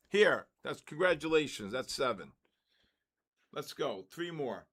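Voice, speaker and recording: Older male stream host in the manner of an auctioneer, animated pitch, a bit high, unhurried delivery. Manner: auctioneer-style calls, loud shouts of "next". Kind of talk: live stream giveaway calling.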